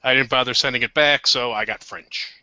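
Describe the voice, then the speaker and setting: A man's voice: mid-range voice, fairly quick, bright, forceful tone, dry recording, dull audio. A man co-hosting a casual podcast who cuts in with dry, teasing remarks. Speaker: podcast co-host. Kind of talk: casual chat.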